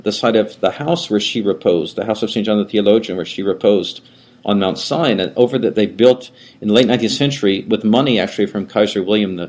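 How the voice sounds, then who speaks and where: An older male priest gives a relaxed class lecture in a fairly low voice. He wanders through asides and often restarts his sentences. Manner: rambling, with frequent restarts and asides. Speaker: Orthodox priest teaching a class. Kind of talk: conversational lecture.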